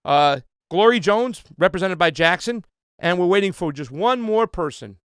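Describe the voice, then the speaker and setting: A man's voice: high-pitched, lively intonation, moderate pace, a bit bright, clean tone, no room sound, clean studio sound. A man hosting a casual livestream trivia game, talking loosely with plenty of fillers and restarts.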